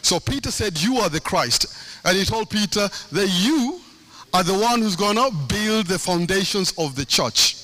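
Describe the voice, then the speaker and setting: A man's voice: high-pitched, lively intonation, moderate pace, sharp tone. A middle-aged man preaching a sermon, impassioned, with a sing-song cadence and lots of repetition.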